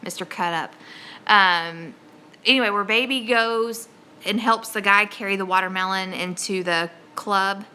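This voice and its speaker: A woman host chats on a live stream in a rambling, excitable way. Her voice is bright and tense, she keeps pausing on fillers, and her pitch sits in an ordinary middle range. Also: slight background noise. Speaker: homesteading channel host. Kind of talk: casual live-stream chat.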